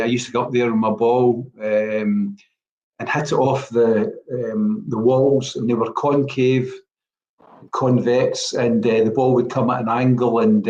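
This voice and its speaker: With a mid-range, slightly mellow voice and a Glaswegian Scottish accent, a former footballer in his sixties from Glasgow rambles through stories in a relaxed interview, using lots of fillers. The room is echoey and the sound lo-fi.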